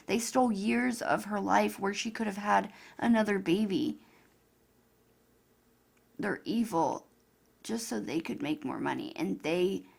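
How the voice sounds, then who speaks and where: A woman's voice: medium pitch, creaky, husky. A woman vlogger talking emotionally and chattily to her viewers. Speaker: YouTuber. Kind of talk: casual vlog commentary.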